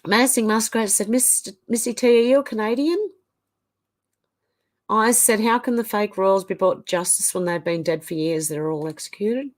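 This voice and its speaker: A woman's voice: medium pitch, normal speed. A middle-aged Australian woman hosting a live stream, reading viewer comments aloud and reacting chattily while getting over the flu with a cough. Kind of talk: casual live-chat reading.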